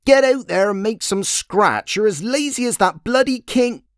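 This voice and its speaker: A man's voice: high-pitched, lively intonation, moderate pace, dry recording, clean studio sound, pitched above the performer's own voice. A man voicing a bossy, nagging fisherman's wife in a storybook reading. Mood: scolding. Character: shrill scolding fisherman's wife.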